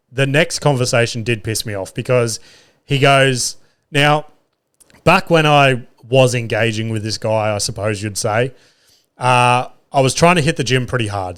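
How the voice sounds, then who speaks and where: A man in his thirties hosts a laid-back solo podcast. He talks in a middle pitch, close to the mic, and spins profane, exasperated stories punctuated by wry laughter. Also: smooth. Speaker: podcast host. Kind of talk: casual solo podcast monologue.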